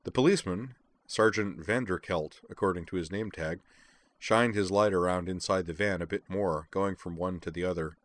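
A man narrating a story in a steady audiobook style. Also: sits low, moderate pace, dry recording.

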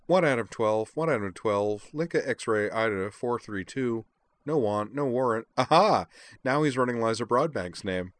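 A man's voice: medium pitch, animated, no echo, pitched above the performer's own voice, close to an everyday voice. A man voicing an upbeat young woman hacker who narrates what she is doing, reading a story aloud. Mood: brisk. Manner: brisk, running commentary.

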